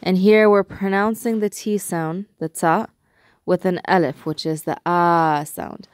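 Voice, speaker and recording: A woman teaching a recorded language lesson, patiently explaining step by step and repeating example words slowly. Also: lowish voice, fairly even intonation, no room sound, clean studio sound.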